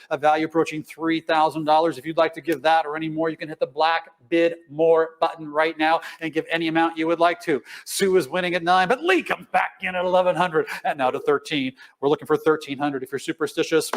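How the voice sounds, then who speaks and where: A man with a slightly high voice hosts a charity auction stream, calling bids and pitching each lot. He keeps it upbeat and jokey, teasing the bidders as he goes. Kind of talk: livestreamed benefit auction patter.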